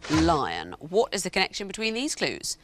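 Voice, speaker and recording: A woman's voice: lowish voice, wildly swooping pitch, moderate pace, very noisy. A woman hosting a television quiz, explaining answers in a dry, explanatory way. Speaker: quiz show host.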